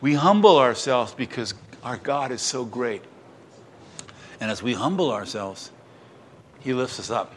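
A man's voice: medium pitch, expressive, measured pace, long pauses, a little hiss or hum. An older man, a pastor, leading a sermon and Bible study in a conversational way, with joking asides and digressions.

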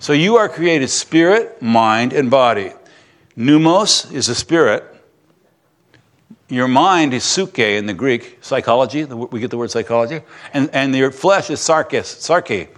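A middle-aged male pastor preaching in a loose, chatty way, padding his points with fillers. His voice climbs high and loud when he gets excited, then drops low and quiet when he turns gentle. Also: measured pace. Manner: conversational, animated, with frequent fillers and sudden bursts of excitement. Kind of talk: sermon.

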